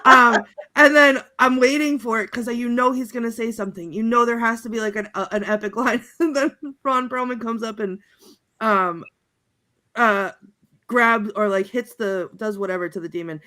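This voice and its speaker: A woman on a panel chatting casually, halting with many ums and little laughs as she runs through her notes. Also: on the high side, bright, forceful tone. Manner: chatty, halting, reads out movie quotes with giggles and many ums. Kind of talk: casual chat.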